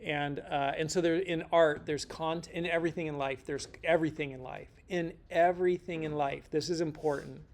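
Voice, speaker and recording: A man's voice: a little high, fairly even intonation, normal speed, hardly any pauses. A middle-aged man teaching a casual lecture in a rambling, joking way, full of slangy asides. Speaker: instructor.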